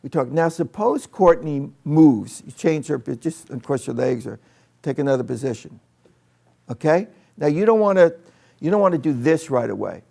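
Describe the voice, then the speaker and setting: Guy running a teacher workshop, gravelly and mellow, chatty, doing a demo with a volunteer. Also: fairly high pitch, animated, moderate pace. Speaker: teacher trainer. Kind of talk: live workshop demonstration. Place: training room with a small audience.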